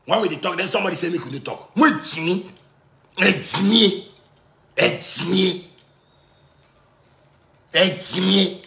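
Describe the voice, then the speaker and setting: A man in his thirties with a Ghanaian Pidgin English accent, delivering a loud, excitable rant that keeps circling back on itself. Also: high-pitched, a little slow, creaky, long pauses, roomy sound. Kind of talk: heated rant.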